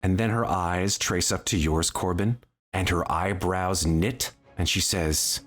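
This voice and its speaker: A game master narrating a tabletop game with dramatic, expressive narration. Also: low voice, a little slow, faint music behind.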